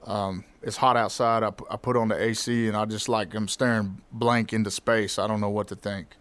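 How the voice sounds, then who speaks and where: A man hosting a podcast, telling a personal story in a reflective, candid way with halting restarts. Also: fairly low pitch, level tone, a bit bright, smooth, no echo. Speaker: podcast host.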